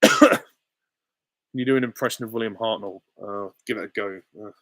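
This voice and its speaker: A man's voice: on the low side, normal speed, a bit bright, dry recording, clean studio sound. Easygoing, chuckling young man on a live Q&A. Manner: easygoing and chuckling, with short, offhand answers. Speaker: channel host. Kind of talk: casual live Q&A, reading out chat questions.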